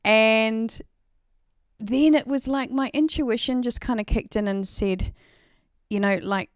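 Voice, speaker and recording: A woman's voice: fairly high pitch, takes it slowly, dry recording, studio quality. An Australian woman hosting a live stream, telling a story in a rambling, chatty way full of "like" and "you know.".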